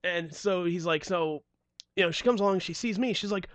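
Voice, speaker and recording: A man's voice: sits high, normal speed, fairly bright tone, no room sound. A man co-hosting a podcast, telling a story in a profane, giggly way. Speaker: podcast co-host. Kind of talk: casual podcast chat.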